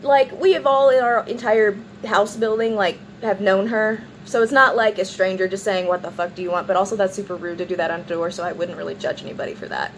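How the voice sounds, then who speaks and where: A woman with a mid-range voice talks fairly quickly with few pauses, and the poor audio carries a little hiss or hum. In a casual vlog she rambles through a long personal story, saying "like" constantly and acting out what people said in an animated retelling.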